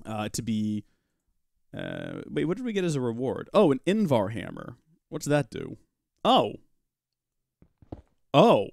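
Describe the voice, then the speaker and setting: Male livestream host, animated up-and-down delivery, playful asides to chat, close dry mic. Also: medium pitch, unhurried, gravelly, pauses often, dry recording. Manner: chatty, joking asides, talks to chat and his pet rock. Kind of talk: live Minecraft modpack let's-play commentary.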